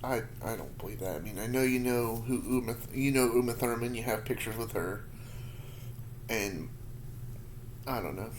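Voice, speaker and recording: With frequent pauses at a normal speed, this mid-range male voice comes through a bit of hiss or hum. He's in his thirties, eating hot peppers and meandering through viewer questions with self-deprecating humor, sometimes mouth full, feeling the heat.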